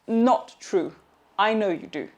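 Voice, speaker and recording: A woman's voice: medium pitch, expressive, slow, a little mellow, dull audio. Upbeat chatty young woman fitness vlogger. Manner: chatty, upbeat, encouraging, self-teasing. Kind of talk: casual motivational workout vlog. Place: home workout, partly outdoors.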